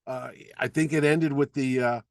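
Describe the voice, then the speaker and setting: A man's voice: medium pitch, steady tone, moderate pace, no echo. A man co-hosting a podcast, chatting casually and ranting with strong opinions. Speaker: podcast co-host. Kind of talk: casual chat.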